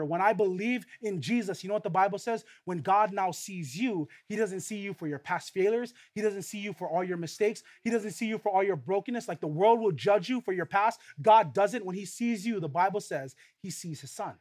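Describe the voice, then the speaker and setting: A man preaching a sermon, earnest and full of rhetorical questions, swinging between loud emphatic stretches and quiet, low passages. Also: a little fast, few pauses. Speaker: pastor.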